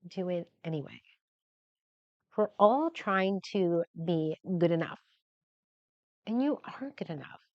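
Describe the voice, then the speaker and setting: A woman's voice: mid-range voice, lively intonation, takes it slowly, no echo. A middle-aged woman, a photographer, giving an earnest, heartfelt motivational talk on a livestream. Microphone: camera mic at close range. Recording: dull, lo-fi and dry.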